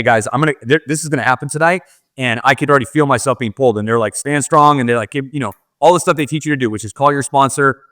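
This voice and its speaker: A man's voice: mid-range voice, a bit bright, dry recording, studio quality. A man, a podcast guest, telling a personal story in candid, casual talk full of "like" fillers.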